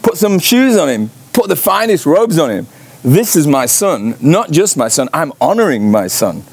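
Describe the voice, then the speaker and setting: A man voicing an elated old father in a retold parable, calling out in a high, loud, emphatic voice. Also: very animated, normal speed, slightly rough, no room sound, full character voice. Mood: commanding. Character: overjoyed old father refusing his son's offer.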